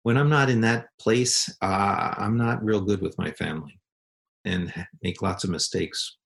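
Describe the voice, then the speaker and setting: A man's voice: fairly low pitch, measured pace, vocal fry. A middle-aged man, a pastor and counselor, telling a personal story in an earnest, self-deprecating way, sometimes stammering over restarts. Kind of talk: reflective storytelling talk.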